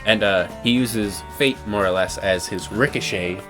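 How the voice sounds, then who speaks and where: A man at a tabletop game, calmly laying out his character's stunts with a chuckle now and then. His voice sits a bit low and stays easygoing. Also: normal speed, over music. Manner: relaxed, descriptive, chuckling. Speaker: player. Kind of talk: casual game play.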